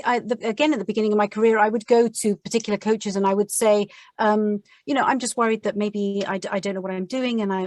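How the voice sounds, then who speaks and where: A woman's voice: fairly high pitch, no room sound, studio quality. A British woman, an audiobook narrator, chatting on a podcast in a reflective, encouraging way. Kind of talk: casual chat.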